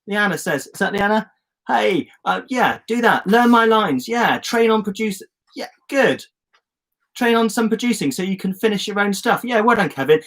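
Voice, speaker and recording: A man from England leading a casual live-streamed session, talking in a fairly high, upbeat voice. He coaches his viewers warmly, cheers on their comments and keeps things loose and chatty over a webcam. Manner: chatty and encouraging, reads out viewer comments with lively enthusiasm. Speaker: host of a live online journaling session. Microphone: phone or webcam on a live stream.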